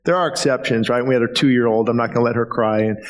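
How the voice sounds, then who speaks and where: A male pastor with a mid-range voice hosts a relaxed question session, talking conversationally with plenty of fillers. The sound carries a long hall reverb. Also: medium pitch, fast. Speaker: pastor hosting. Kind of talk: casual health Q&A.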